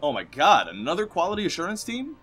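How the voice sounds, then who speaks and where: A young man hosting a let's play, rambling jokily in casual commentary, jumping from loud bursts to quiet mumbles. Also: high voice, huge pitch swings, quick pace, slightly rough, faint music behind. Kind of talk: rambling gameplay commentary over credits.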